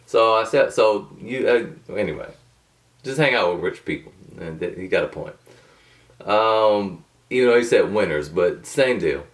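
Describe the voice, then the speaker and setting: A man's voice: lowish voice, distant mic. A man talking casually to camera as a motivational host, rambling and digressive with loose slang and many restarts.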